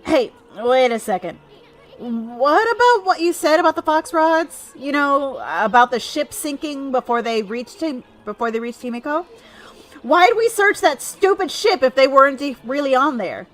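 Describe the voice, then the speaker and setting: A woman voicing a tiny brash male sidekick in a video game, with a loud, teasing, boastful manner. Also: high voice, expressive, moderate pace, voice pushed up, low-quality recording. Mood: bickering.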